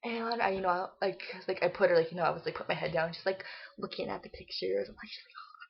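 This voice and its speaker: A woman's voice: on the low side, fast talker, creaky, a little hiss or hum. A young woman vlogger telling a story in a casual chat, full of "like" and acting out what was said. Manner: chatty retelling, full of "like", acting out quotes. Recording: dull lo-fi home recording.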